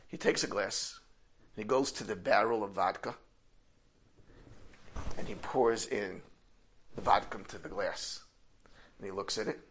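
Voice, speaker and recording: A man telling a moral tale aloud with measured, dramatic pauses. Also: medium pitch, a bit bright, husky. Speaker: storyteller. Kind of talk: oral storytelling.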